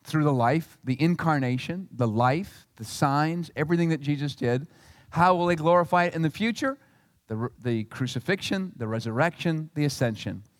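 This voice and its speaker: A male pastor preaching a sermon in an animated, emphatic way. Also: on the high side, normal speed, no room sound, studio quality, big-room sound. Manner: animated and emphatic, acting out quotes.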